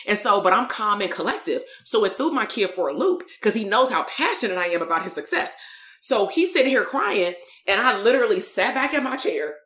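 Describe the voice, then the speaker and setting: A woman's voice: medium pitch, animated, quick pace, fairly bright tone, reverberant. A middle-aged woman who is a therapist and business coach, telling a candid story to a live audience in a blunt, streetwise way and swearing freely.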